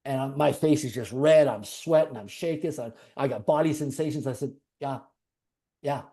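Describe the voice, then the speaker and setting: A man with a mellow, mid-range voice talks at normal speed during an interview. His personal story comes out earnestly, in conversation full of repeated, stacked-up phrases.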